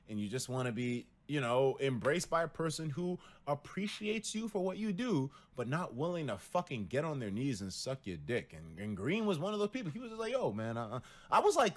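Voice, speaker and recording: Young man, livestreamer, casual talk to viewers, very lively pitch, acts out quotes, swears a lot. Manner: animated storytelling, acts out quotes with big pitch jumps and cursing.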